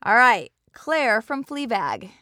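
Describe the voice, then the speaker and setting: A woman's voice: a little high, very animated, slow, pushed and bright, dry recording, clean studio sound. A woman interviewing a guest casually, upbeat and prompting.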